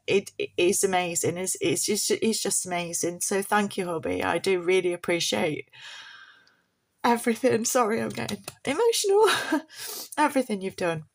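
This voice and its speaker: A woman talks to camera from her bed at home in a loose, rambling way. She laughs often, and her voice sits at an ordinary middle pitch. Her throat is still sore from tonsillitis. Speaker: budgeting vlogger. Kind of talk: casual chat to camera.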